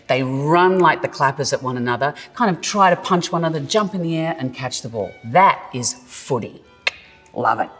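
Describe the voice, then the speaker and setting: A woman's voice: low voice, slightly rough, big-room sound. An Australian woman who acts, explaining slang in a jokey, self-mocking way and drawing out words. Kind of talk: playful scripted explainer.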